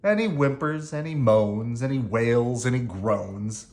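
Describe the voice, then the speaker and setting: Reading a children's picture book aloud at bedtime, the storyteller uses a medium-pitched, slow, animated, sing-song delivery, softly hushing on the refrains.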